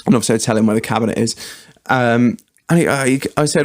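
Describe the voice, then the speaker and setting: A man's voice: medium pitch, fast talker, few pauses. A man co-hosting a podcast, telling an anecdote in chatty, giggly casual talk. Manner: chatty, giggly, restarts often. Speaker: podcast co-host.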